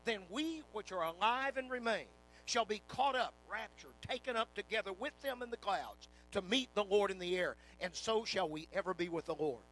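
In poor audio, a high-pitched, animated man delivers an emphatic sermon. His volume swells and drops, and he slows down when reading scripture.

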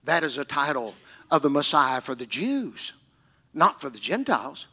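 A man's voice: a little high, big pitch swings, moderate pace, sharp tone, breathy edge. A man preaching a sermon, retelling scripture stories dramatically and repeating key words for emphasis.

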